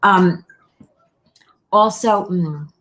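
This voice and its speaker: Soft-spoken woman medium, lowish voice. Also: extremely slow. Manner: repeats phrases, addresses viewers by name, gentle reassurance. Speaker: medium giving live readings. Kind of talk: live online reading, casual and direct.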